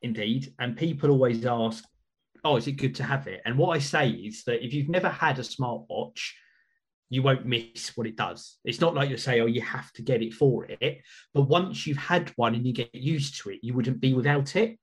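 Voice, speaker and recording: A man's voice: medium pitch, normal speed, breathy edge. A man hosting a podcast, chatting casually and rambling with restarts. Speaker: podcast host.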